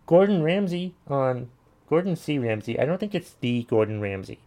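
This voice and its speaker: A man's voice: medium pitch, big pitch swings, normal speed, mellow. A man hosting a casual commentary show, ranting bluntly and swearing while he reacts to listener messages. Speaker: podcast host reading listener messages.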